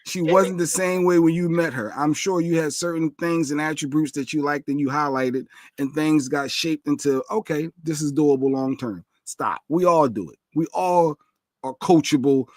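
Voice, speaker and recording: A man's voice: on the high side, normal speed, no room sound, studio quality. Laughing man cohosting a live chat show. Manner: laughs often, animated, slangy. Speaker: livestream co-host. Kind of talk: casual chat.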